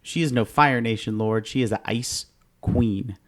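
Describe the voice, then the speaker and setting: A man's voice: medium pitch, a little slow. A man co-hosting a podcast in casual chat, playful and dramatic, joking as he talks. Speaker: podcast co-host.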